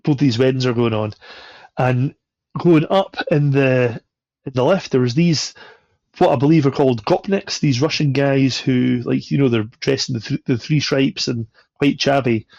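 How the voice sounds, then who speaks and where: A man's voice: mid-range voice, moderate pace, creaky, a little mellow, no room sound. A man on a podcast, telling a travel anecdote with swearing and laughter. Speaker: podcast guest. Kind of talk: casual storytelling. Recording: dull, lo-fi sound.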